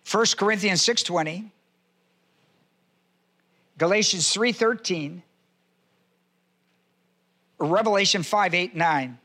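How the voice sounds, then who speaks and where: High, bright-voiced male preacher teaching. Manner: spells out words and cites scripture references in a teaching tone; repeats key phrases slowly for emphasis. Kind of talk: sermon teaching.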